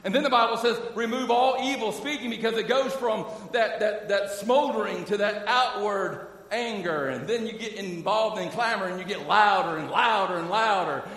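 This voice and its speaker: High-voiced preacher in an echoey hall. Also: male voice, normal speed, few pauses, fairly bright tone, distant mic. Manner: emphatic preaching, frequent "amen?" and "listen" asides. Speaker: pastor. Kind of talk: sermon. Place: church sanctuary.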